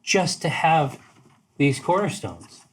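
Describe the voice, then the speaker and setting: Man playing confident well-off townsman, smooth, familiar, chatty, tabletop game character. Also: a little high, sing-song, slow, slight background noise, voice pushed up. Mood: persuasive.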